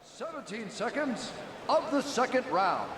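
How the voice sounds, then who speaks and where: A man's voice: very high voice, very animated, unhurried, noisy background, heavily acted. A man voicing a fight announcer and commentator in a video game, calling the result in an arena. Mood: announcing. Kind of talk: sports broadcast commentary. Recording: game audio, roomy arena with crowd.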